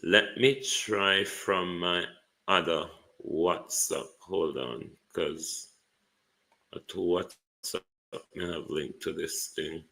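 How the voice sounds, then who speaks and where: A man's voice: deep voice, drawn-out words, gravelly, bright, forceful tone. A Jamaican man hosting a live online show, muttering and exclaiming to viewers while fighting with his computer. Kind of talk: casual live commentary.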